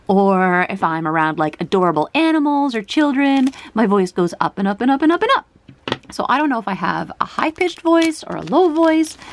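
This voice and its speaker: A young woman chatting casually while unboxing trading cards, her voice jumping up into high squeals over the cute art. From country using kilograms. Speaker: card collector vlogger. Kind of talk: casual card unboxing chat.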